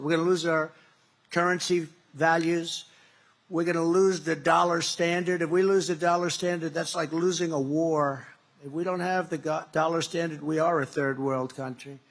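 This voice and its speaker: A man speaking as a political candidate in a campaign rally speech, rambling and repetitive with emphatic stresses. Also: on the high side.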